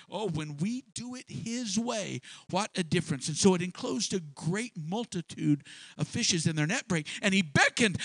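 Bright-voiced, fiery preacher. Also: male voice, a little high, moderate pace, dry recording. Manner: animated, builds to shouts, repeats phrases. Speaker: pastor. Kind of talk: sermon.

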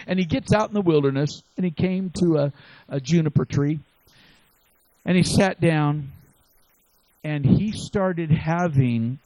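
Male pastor, slightly high voice, dry close mic, animated sermon full of restarts and asides. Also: no echo, low-quality recording. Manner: animated, swinging from shouts to low asides; repeats and restarts words, chuckles.

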